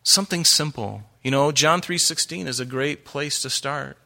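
A middle-aged man delivers a sermon like a friendly conversation. His voice is bright and forceful, and he keeps it moving with stories and rhetorical questions. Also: on the high side, normal speed, vocal fry. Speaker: pastor.

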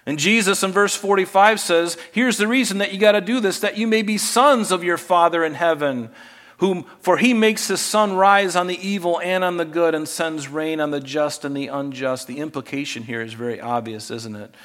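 A man preaching a sermon, animated, swinging between loud emphasis and quiet asides. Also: fairly high pitch, normal speed. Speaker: pastor.

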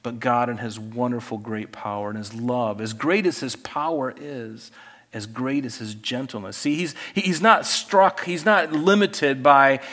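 A male pastor preaching an expository sermon, reading scripture with loud emphasis and dropping to quiet conversational asides and rhetorical questions. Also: mid-range voice, unhurried, in a large hall.

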